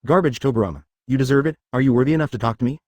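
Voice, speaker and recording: A man's voice: mid-range voice, rapid-fire, darkish tone, no echo, lightly acted. A man reading the lines of a furious, arrogant legendary male ninja ghost who hurls insults and threats, in a synthetic storybook voice. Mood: raging.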